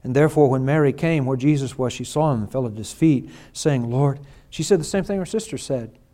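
A man preaching a sermon, reading scripture and swinging from hushed, slow lines to loud, drawn-out emphatic ones. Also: medium pitch. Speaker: pastor.

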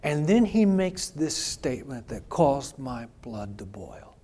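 A man's voice: mid-range voice, big pitch swings, slow pace, mellow, breathy edge. A male pastor preaching a sermon, telling a personal story in an emphatic, conversational way.

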